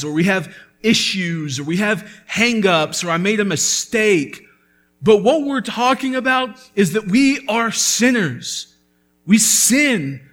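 A man's voice: sits high, a bit bright. A man preaching a sermon as pastor, earnest and building to emphatic peaks.

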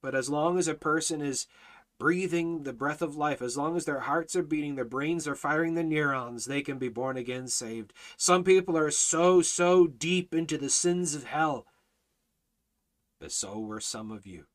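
A man teaching a Bible study in a fiery preaching style, hammering his points with repeated phrases and rising to near shouts. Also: fairly high pitch, normal speed.

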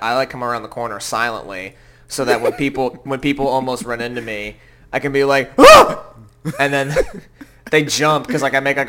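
A young man co-hosting a podcast, telling animated stories in casual chat. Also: medium pitch, slight background noise. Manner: animated storyteller, loud yelps in his anecdotes. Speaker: podcast co-host.

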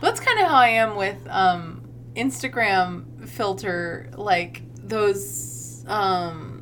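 Woman, podcast co-host, casual chat, lively storytelling, faint noise behind. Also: mid-range voice, slow pace. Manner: animated storytelling, acts out quoted voices, swears.

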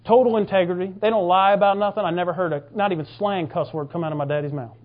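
A man preaching a fervent, emphatic sermon, now and then bursting into shouts. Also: high voice, steady tone, quick pace, lo-fi sound. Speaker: pastor.

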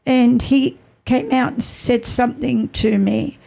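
Slow, gravelly-voiced middle-aged woman. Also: fairly high pitch, steady tone, mellow. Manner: halting, repeats phrases, earnest. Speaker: mother giving a faith testimony. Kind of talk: emotional personal testimony.

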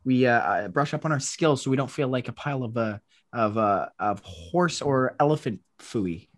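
A man co-hosting a comedy podcast, jumping in with quick teasing remarks. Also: mid-range voice, animated, dry recording, studio quality. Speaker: podcast co-host. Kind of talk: improvised comedy chat.

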